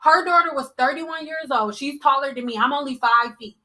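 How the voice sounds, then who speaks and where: A woman hairstylist telling a blunt, animated storytime, acting out the people she quotes. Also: high-pitched, a little fast, poor audio. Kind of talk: storytime vlog.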